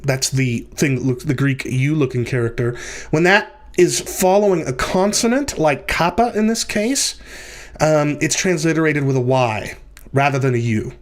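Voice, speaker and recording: A man hosting a theology podcast, teaching in a lecture style over slides, with frequent fillers and restarts. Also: medium pitch.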